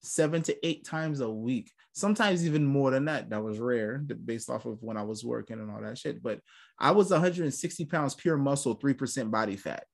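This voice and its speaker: A man's voice: medium pitch, brisk, gravelly. A young man hosting a podcast, talking in casual chat with a profane, rambling way of storytelling. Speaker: podcast host.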